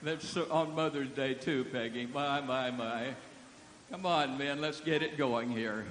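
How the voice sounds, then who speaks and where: A man's voice: medium pitch, unhurried, fairly bright tone, slight background noise. A man preaching as a guest speaker, folksy and joking, leading the crowd from a stage. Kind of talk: sermon. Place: church hall with a stage. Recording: echoey hall.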